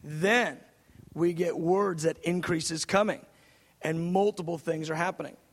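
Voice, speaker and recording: A man's voice: a little high, fairly even intonation, unhurried. A man in his thirties preaching a sermon, telling a story in an earnest way with many fillers and restarts. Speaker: pastor. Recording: long reverb of a large hall.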